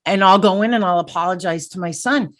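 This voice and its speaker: A middle-aged woman hosting a conversational interview, talking in an energetic, animated way and telling stories about herself. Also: lowish voice, a little fast. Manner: energetic, animated, self-deprecating storyteller. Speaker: podcast host.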